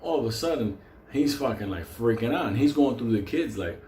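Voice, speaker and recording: A man's voice: medium pitch, lively intonation, brisk, mellow. A man telling a profane, comedic story in a crude, rambling way, jumping into voices for the people in it. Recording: roomy sound with faint ambient noise.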